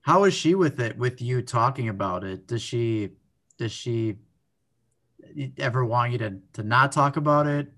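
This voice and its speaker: A man's voice: medium pitch, lively intonation, a little slow, fairly bright tone. A man interviewing a guest, rephrasing his questions as he goes.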